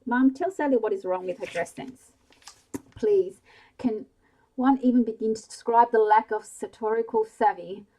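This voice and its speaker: A woman voicing a teasing, excitable younger sister in a whispered bedtime story. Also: fairly high pitch, moderate pace, lightly acted, low-quality recording. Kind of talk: whispered role-play.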